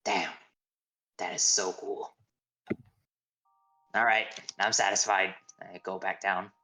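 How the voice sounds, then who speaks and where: A woman's voice: rumbling low, fairly even intonation, takes it slowly, sharp tone. A woman player in a tabletop game, chatting bluntly and offhand, swearing casually. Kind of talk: casual chat.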